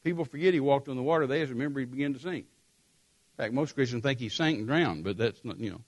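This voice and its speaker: A man preaching a sermon, telling a scripture story with emphatic repetition and animated storytelling. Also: mid-range voice, quick pace.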